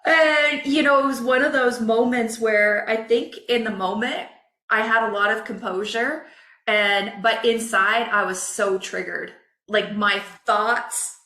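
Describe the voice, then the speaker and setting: A woman coach, a podcast guest, telling a personal story in a candid, emotional, expressive way. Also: on the high side, a little slow, reverberant.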